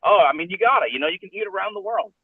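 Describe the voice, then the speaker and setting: A male guest on a tinny phone line, speaking with a high, very lively pitch. His manner is upbeat as he chats casually. The sound stays dry and narrow. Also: racing, husky, no echo. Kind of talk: casual chat.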